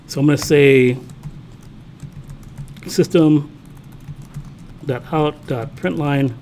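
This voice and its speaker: Speaking extremely slowly with fairly even intonation, this man has a fairly high, darkish voice, with a little hiss or hum in the recording. He's a college programming teacher coding live in class, casually thinking aloud, talking to himself as he types and checking in with students often.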